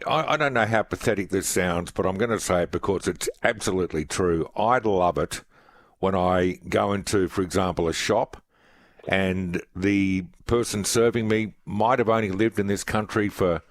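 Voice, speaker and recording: A man's voice: sits low, normal speed, no room sound, clean studio sound. A man with an Australian accent hosting a radio interview, talking in an earnest, conversational way. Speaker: radio host.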